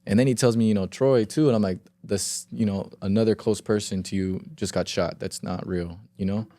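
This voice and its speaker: Young man, podcast guest, lowish mellow voice, dry close sound; rambling casual storyteller who swears freely. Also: fairly even intonation, fairly quick, no echo. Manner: rambling, heavy filler words and reenacted quotes. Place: podcast studio.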